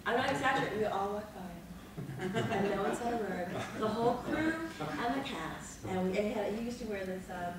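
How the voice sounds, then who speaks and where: A woman in her fifties, an actress on a panel, telling behind-the-scenes stories in a lively, dramatic way, laughing and swearing freely. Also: medium pitch, brisk, a loud crowd. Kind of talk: animated anecdotal storytelling. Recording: echoey room, mic far off, noisy.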